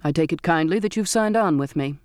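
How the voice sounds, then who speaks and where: A man voicing a stern, courtly, contemptuous ship captain who speaks in a clear, firm, sardonic way. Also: high voice, expressive, moderate pace, no room sound, clean studio sound. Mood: commanding.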